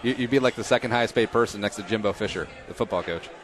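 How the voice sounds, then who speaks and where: A man in his thirties hosting a casual interview, joking and self-deprecating with quick asides. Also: lowish voice, crowd noise. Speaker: podcast host.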